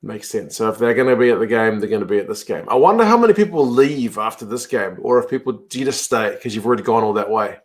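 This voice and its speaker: A man's voice: on the low side, fast, few pauses. A man hosting a live rugby watch-along, chatting casually, reacting to the play and answering viewer comments. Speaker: host.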